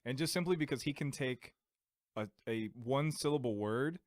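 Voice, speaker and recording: A man co-hosting a podcast in a casual chat, excitable and quick to slip into impressions. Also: medium pitch, dry recording, studio quality. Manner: rapid, excitable, breaks into impressions. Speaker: podcast co-host.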